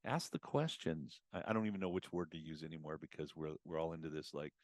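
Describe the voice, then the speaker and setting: A man talking as a guest on a podcast about customer communication, casual and animated, acting out customer conversations. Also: extremely low pitch, racing, no echo, studio quality. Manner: animated, acts out customer and advisor exchanges. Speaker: automotive business consultant guest.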